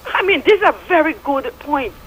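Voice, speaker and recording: A woman's voice: high voice, lively intonation, moderate pace, low-quality recording. A middle-aged woman with a Statian Caribbean English accent, calling in to a radio show and giving fervent, preachy testimony with biblical references. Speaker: radio caller. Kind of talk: impassioned call-in testimony.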